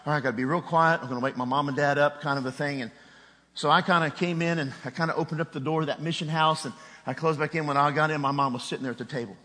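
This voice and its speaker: A man's voice: fairly high pitch, steady tone, rapid-fire, sharp tone, long reverb tail, slight background noise. A middle-aged man preaching a sermon, telling a personal story with rising emotion and a raised voice at its peak.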